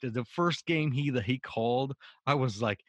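A man in casual chat, laid-back, swearing and chiming in with quick agreement. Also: mid-range voice, no room sound.

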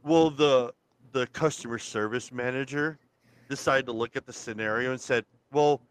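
A man co-hosting an easygoing podcast chat, telling his story in a plain, unhurried way. His voice sits in a middle range for a man. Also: medium pitch, a bit bright, clean tone, no echo. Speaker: podcast co-host. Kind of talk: casual chat.

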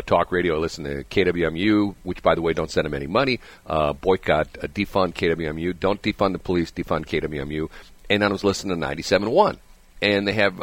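Male radio host, low voice, rambling chatty storyteller, close dry studio mic. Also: dry recording. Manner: rambling, animated storytelling with chuckles. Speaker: radio morning show host. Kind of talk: casual radio chat.

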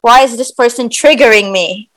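A woman hosts a casual interview with an enthusiastic, affirming manner. Her voice sits a little high, and she responds warmly to what her guest says before moving on with light questions. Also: normal speed, a crowd in the background, rough recording. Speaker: podcast host.

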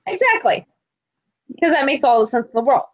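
Woman co-host with a high voice, dry wit, playful sarcastic remarks in relaxed chat. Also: brisk, muffled recording. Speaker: podcast co-host. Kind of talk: casual chat.

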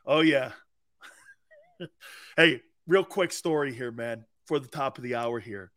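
A middle-aged American man hosting a sports radio show, brash and laughing, swinging from shouting to muttering as he swears and riffs. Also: on the high side, unhurried. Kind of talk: loud casual sports talk.

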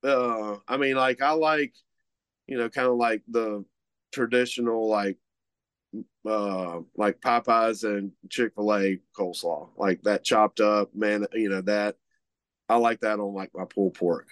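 A man's voice: fairly low pitch, fairly even intonation, unhurried, a bit bright, smooth, no room sound. A man co-hosting a casual chat, rambling with lots of fillers and restarts. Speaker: co-host, meat market owner.

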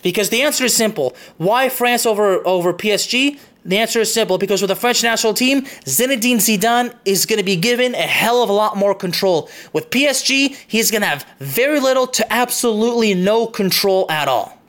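A man's voice: high voice, expressive, fairly quick, hardly any pauses, fairly bright tone. A young man hosting his own soccer show, delivering an impassioned opinion monologue, emphatic and repetitive, stopping for "okay?" and swearing.

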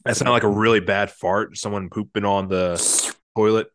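A man's voice: lowish voice, steady tone, moderate pace, a bit bright, no room sound, clean studio sound. A young man co-hosting a casual podcast, joking and rambling with lots of fillers while tipsy from drinking. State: slightly drunk. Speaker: podcast co-host. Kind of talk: casual chat.

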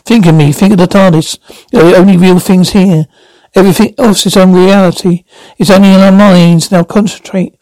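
Guy doing a sci-fi doctor, coaxing and reassuring, high-ish voice. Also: steady tone, normal speed, darkish tone, no echo, lightly acted, rough recording. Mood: urging. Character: calm, urgent male time-traveling doctor.

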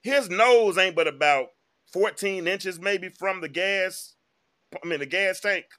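With a high-pitched voice that sounds pushed and bright, a man hosting a live online talk show keeps a measured pace. His commentary is casual and emphatic, aimed straight at his viewers.

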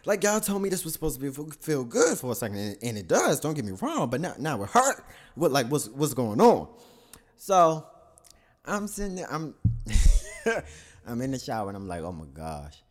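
A man's voice: mid-range voice, big pitch swings, moderate pace. A man telling a crude, candid confessional story to his listeners, rambling through self-corrections and laughing at himself.

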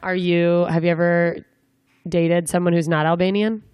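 A woman's voice: lowish voice, level tone, a little mellow, clean tone, no echo. Joking young woman interviewer, dry sound. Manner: joking, rambling, quick asides. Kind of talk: casual comedic interview.

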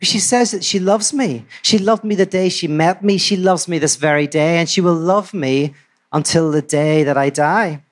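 Man doing a nervy, jealous field mouse, pitched up, pleading. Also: normal speed, lightly acted. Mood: anxious. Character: insecure, jealous little male field mouse.

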